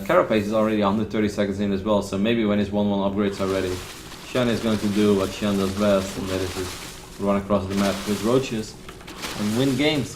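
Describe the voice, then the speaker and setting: A man's voice: lowish voice, roomy sound, a little hiss or hum, rough recording. A man casting a strategy game match solo, chatty and analytical with candid asides. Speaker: esports caster. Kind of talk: solo esports play-by-play commentary.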